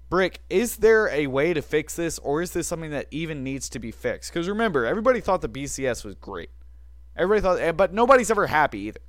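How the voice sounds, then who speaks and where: A man's voice: a little high, very animated, fast, a bit bright, dry recording. A man co-hosting a casual sports talk show, giving opinionated takes with wry, self-mocking asides.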